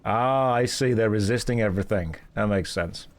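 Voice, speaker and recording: A man's voice: on the low side, moderate pace. A man streaming a game, chatting casually and explaining mechanics in a playful, self-mocking way.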